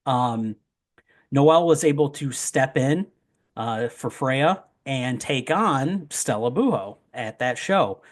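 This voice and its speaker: A young man in casual conversation, drifting into rambling asides and quick jokes. His pitch sits in an ordinary middle range, and his talk is loose and full of fillers. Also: expressive. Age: young adult. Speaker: wrestling promoter guest. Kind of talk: casual podcast chat.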